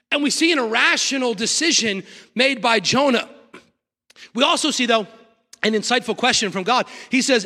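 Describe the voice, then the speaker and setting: Pastor guy giving a sermon, bright tense voice, repeats himself, gets loud sometimes. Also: sits high, long reverb tail. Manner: emphatic, repetitive preaching with sudden loud bursts. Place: church sanctuary.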